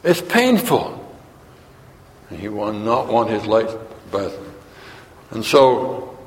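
Slow-speaking male preacher in a reverberant hall. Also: on the low side, expressive. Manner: asks the listeners questions and acts out quotes. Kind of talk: sermon.

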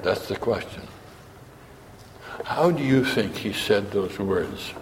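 A man's voice: lowish voice, lively intonation, takes it slowly, slight background noise. A man preaching a sermon, asking his listeners questions and acting out quotes as he goes. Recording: long hall reverb.

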